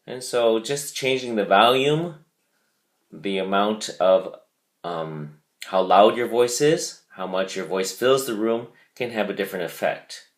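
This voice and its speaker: A male teacher giving a vocabulary lesson, speaking deliberately and repeating key words. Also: lowish voice, lively intonation.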